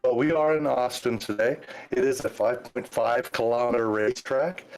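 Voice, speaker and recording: An older American man co-commentating a race over voice chat, relaxed and hesitant with fillers. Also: medium pitch, normal speed, rough recording. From United States. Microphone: remote voice chat mic.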